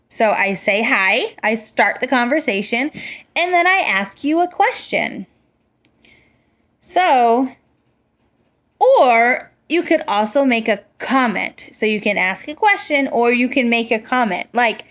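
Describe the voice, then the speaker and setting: A woman giving a slow, clear, encouraging lesson to young children, full of simple examples. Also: high voice, expressive, fairly bright tone. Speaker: teacher.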